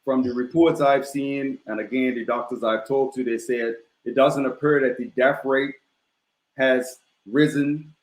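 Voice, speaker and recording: A man speaking as a guest on a talk show, measured and steady, with frequent "you know" fillers. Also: medium pitch. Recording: roomy echo.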